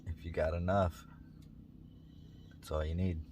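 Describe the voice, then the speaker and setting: A laid-back man talks to his camera at an outdoor campground in a plainspoken way. His voice is extremely deep. A generator drones clearly in the background. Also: a little slow. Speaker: camping vlogger. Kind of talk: casual talk to camera. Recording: steady generator noise behind. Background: generator noise.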